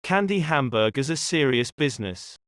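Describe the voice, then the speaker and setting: A man hosting a channel and narrating stories in a scripted, even read-aloud delivery. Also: medium pitch, moderate pace, no room sound, studio quality. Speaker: channel host and story narrator.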